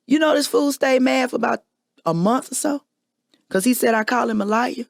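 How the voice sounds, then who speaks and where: A woman's voice: fairly high pitch, expressive, fairly quick, vocal fry, dry recording, studio quality. A woman hosting a podcast, telling a personal confession in a candid, emphatic storytelling manner. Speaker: podcast host.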